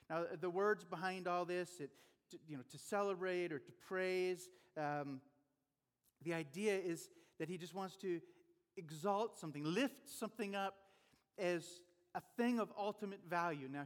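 A man's voice: fairly high pitch, big-room sound. A man preaching a sermon as a pastor, in an earnest, conversational way with rhetorical questions.

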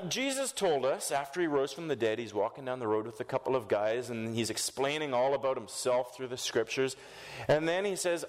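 A man delivers a sermon with animated storytelling, acting out quoted lines with shifts in his delivery. His voice sits at an ordinary middle pitch. The sound carries a long hall reverb. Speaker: pastor.

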